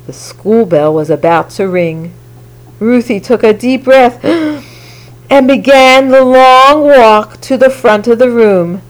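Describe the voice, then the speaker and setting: Woman storyteller, children's read-aloud, slow pace, lively sing-song pitch, fairly high voice. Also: poor audio.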